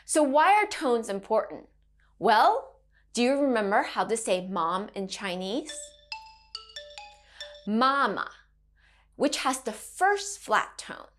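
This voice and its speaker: Animated, slow-speaking woman teaching kids. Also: a little high, faint music behind. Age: adult parent. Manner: cheerful, slow and clearly enunciated, teacherly. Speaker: Mandarin teacher. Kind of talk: children's language lesson.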